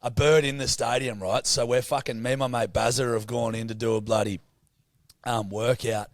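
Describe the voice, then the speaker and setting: On a laid-back podcast, this co-host spins a profanity-laced tale and does voices for each character, staying lively throughout. He speaks at medium pitch and a moderate pace, and the studio-quality audio has no echo.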